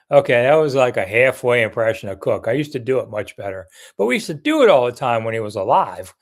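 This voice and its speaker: A man's voice: mid-range voice, very animated, quick pace, hardly any pauses. Blunt older male sports commentator. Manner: blunt, chatty, reads viewer comments aloud. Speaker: sports commentator and live-chat host. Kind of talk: casual live-stream chat.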